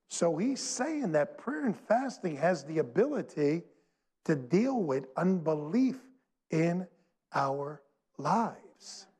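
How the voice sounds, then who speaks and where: A man pastor preaching in a church sanctuary. His voice is high and swings widely, and a long hall reverb trails each phrase. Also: husky. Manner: animated, emphatic preaching with dramatic pauses. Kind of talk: sermon.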